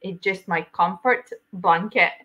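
A woman's voice: fairly low pitch, unhurried, bright, forceful tone. A woman hosting a live trading stream, talking animatedly and explaining her trading with fillers. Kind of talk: casual trading chat. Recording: dull lo-fi stream audio.

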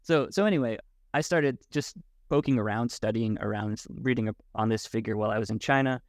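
A man as a podcast guest, talking in a thoughtful, halting way with many restarts. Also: fairly low pitch, dry recording, clean studio sound. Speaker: podcast guest, Wudang martial arts teacher. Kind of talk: casual conversation.

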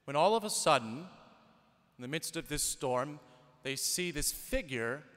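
Conversational priest in an echoing church. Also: male voice, fairly high pitch, animated, unhurried, a bit bright. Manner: conversational, storytelling with rhetorical questions. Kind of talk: sermon. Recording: long church reverb.

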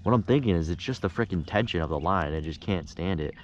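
Excitable young man on a dull outdoor mic. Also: sits low, fast, a little hiss or hum. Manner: frustrated, excitable, swears mildly, says "bro". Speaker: fishing vlogger. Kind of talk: casual on-the-water vlog. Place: kayak on a lake outdoors.

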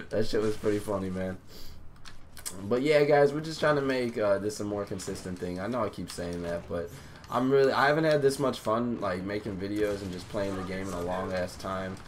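A young man, a gaming YouTuber, giving slangy, hyped live commentary over his own match, with loud outbursts at the action. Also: on the low side, moderate pace, slight background noise.

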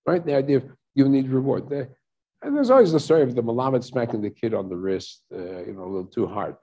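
A rabbi giving a teaching talk to a congregation, lecturing in an explaining tone and often checking in with "right?". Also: male voice, medium pitch, expressive, fast, mellow, breathy edge, highs cut off. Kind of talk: teaching talk at a synagogue service.

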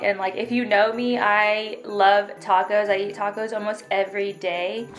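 A woman's voice: mid-range voice, flat delivery, normal speed, few pauses, soft background music. A woman in her twenties, from Texas, chatting casually to camera as a tired vlogger who says "like" and "literally" a lot. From Texas, United States. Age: 20s. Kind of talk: casual vlog chat.

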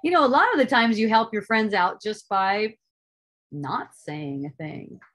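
A woman's voice: medium pitch, expressive, unhurried, fairly bright tone. Earnest, emphatic woman spiritual teacher. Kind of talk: spiritual teaching in an online group talk.

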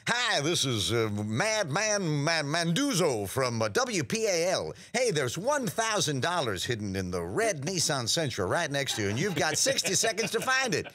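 A man's voice: fairly high pitch, wildly swooping pitch, normal speed, hardly any pauses, voice pushed up, full character voice. A man putting on a brash hyped-up radio DJ. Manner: loud, hyped, announcer-style delivery.

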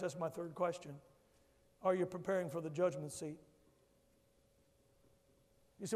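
High-voiced man preaching in a reverberant church. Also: lively intonation, normal speed, pauses often, a little mellow. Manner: emphatic preaching with call-and-response to the congregation. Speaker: pastor. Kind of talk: sermon. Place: church sanctuary. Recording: long church hall reverb.

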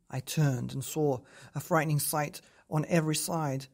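A woman reading a rhyming bedtime story aloud in a lively, expressive way. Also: deep voice, moderate pace, few pauses.

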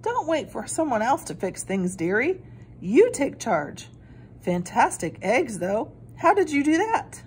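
A woman's voice: on the high side, sing-song, unhurried, a little mellow, a little hiss or hum. A woman voicing a sassy, wisecracking female fairy goose in a storybook reading, with a brash, offhand, slangy manner.

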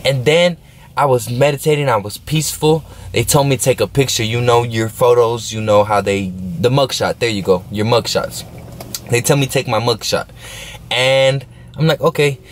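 A man's voice: mid-range voice, moderate pace, a little hiss or hum. A young man telling a story in a casual vlog, slangy and rambling, often asking if you know what he's saying. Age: young adult. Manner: laid-back, smoking while talking.

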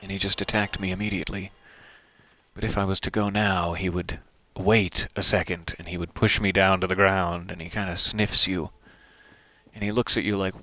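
A man playing through a video game, talking it over in a musing, wry, soft-spoken way. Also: low-pitched, flat delivery, normal speed, no room sound. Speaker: game streamer. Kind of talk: let's play commentary.

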